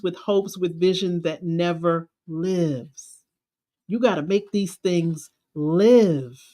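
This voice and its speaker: A woman confidence coach, giving an emphatic, preachy motivational talk. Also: medium pitch. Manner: preachy, emphatic, drawn-out phrasing.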